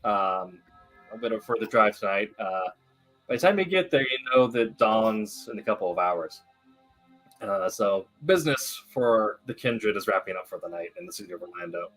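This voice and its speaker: A man narrating a tabletop game as game master, halting with many fillers. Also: fairly low pitch, animated, fairly bright tone, soft background music, rough recording.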